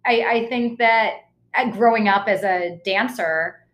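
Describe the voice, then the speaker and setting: A young actress, appearing as an interview guest, chats casually in a loose style full of fillers and frequent laughter. Her voice is mid-range and unhurried, and the recording has a roomy echo.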